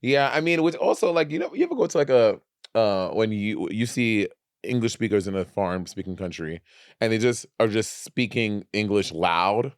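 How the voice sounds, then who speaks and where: A man's voice: fairly low pitch, lively intonation, moderate pace, dry recording, clean studio sound. A man co-hosting a podcast in casual banter, wry and questioning as he argues his side. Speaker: podcast co-host.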